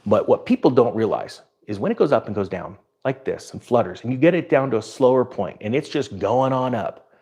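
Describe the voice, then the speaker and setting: A man's voice: medium pitch, expressive, brisk, a little mellow, slightly rough. A man hosting a finance channel, talking casually and with emphasis as he tells stories about markets. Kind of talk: casual commentary to camera.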